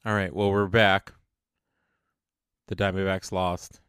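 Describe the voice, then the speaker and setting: A man's voice: sits low, little pitch movement, takes it slowly, fairly bright tone, clear, resonant tone, dry recording. A man co-hosting a casual podcast, reacting to the story with dry joking asides. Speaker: podcast co-host.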